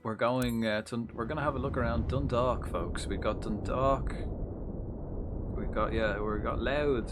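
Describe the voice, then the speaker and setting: A man giving casual live-stream commentary, chatty and jokey, with swearing and offhand asides. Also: fairly low pitch. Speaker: livestreamer.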